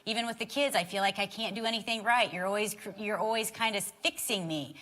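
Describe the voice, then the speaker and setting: A woman's voice: medium pitch, fast. A woman telling a story on a church stage beside her husband, acting out what people said. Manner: expressive storyteller, acts out quotes. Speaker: co-teacher on marriage with her husband. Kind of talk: live sermon storytelling. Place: church stage before a live audience.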